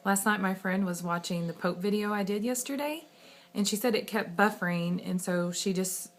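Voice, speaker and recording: A woman's voice: mid-range voice, moderate pace. A woman, talking casually and rambling in a vlog, laughing often. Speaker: vlogger.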